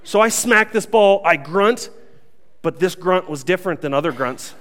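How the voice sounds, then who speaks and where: A young man preaching a sermon, telling a funny self-mocking story in a lively way before reading scripture. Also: high voice, moderate pace, in a large hall. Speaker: pastor.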